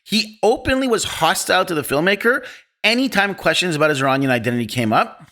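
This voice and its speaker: Bright-voiced man hosting a film podcast. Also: high-pitched, fast talker. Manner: opinionated, animated storytelling with restarts. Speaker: podcast host. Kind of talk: casual film discussion.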